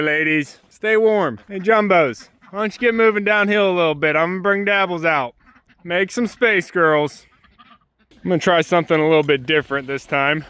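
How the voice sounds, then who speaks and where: A man's voice: on the high side, fairly bright tone, smooth, dry recording. A man narrating a casual homestead vlog outdoors in the snow, talking to his animals in a fond sing-song voice. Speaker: homesteader vlogger. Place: outdoors on a snowy farm.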